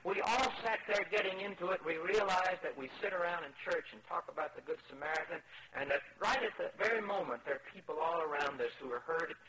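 Man, storytelling lecturer, animated, bright tone. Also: fairly high pitch, a little fast, hardly any pauses, slight background noise, rough recording. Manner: animated storyteller, acts out quotes. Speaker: speaker on preaching.

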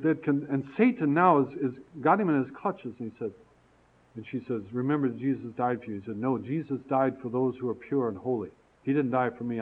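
A man giving an earnest, storytelling sermon-style talk that rises to emphatic peaks, heard over a tinny, phone-like radio recording. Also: fairly high pitch.

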